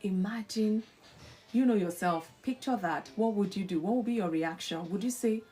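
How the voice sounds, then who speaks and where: A woman's voice: mid-range voice, normal speed. A woman hosting a live devotional talk, telling a story with acted-out dialogue and quoting scripture. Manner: animated storyteller who acts out imagined dialogue; preacherly, quotes scripture. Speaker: host of a live faith talk show.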